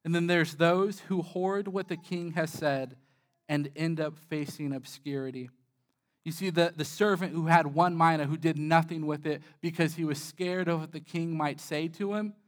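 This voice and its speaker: High-voiced young man preaching a sermon. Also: steady tone, normal speed. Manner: candid, self-deprecating, conversational preaching with frequent "uh" fillers. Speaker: pastor.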